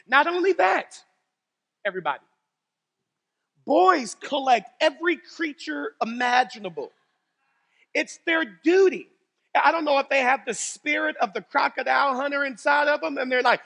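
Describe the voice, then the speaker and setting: A man preaching a sermon as pastor, telling stories animatedly, swinging between loud exclamations and low serious tones. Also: expressive, normal speed, gravelly, big-room sound. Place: church sanctuary.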